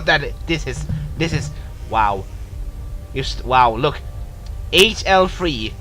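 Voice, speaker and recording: A man giving casual, excitable gameplay commentary, laughing, humming and exclaiming. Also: mid-range voice, takes it slowly, long pauses, loud music behind the voice, rough recording. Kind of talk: casual let's-play commentary.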